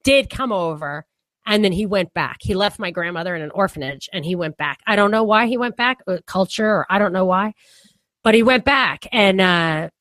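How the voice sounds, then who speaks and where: A woman's voice: medium pitch, expressive, normal speed, a bit bright, dry recording. A woman co-hosting a podcast, talking through political ideas in a rambling, casual way with frequent restarts. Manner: rambling, restarts often, laughs easily. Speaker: podcast co-host.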